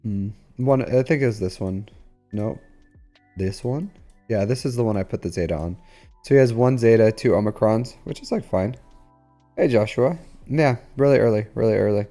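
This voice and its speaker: A man streams a game live, chatting with viewers in a rambling, filler-heavy way and talking to chat. His voice is on the low side and warm, at a moderate pace, with soft background music.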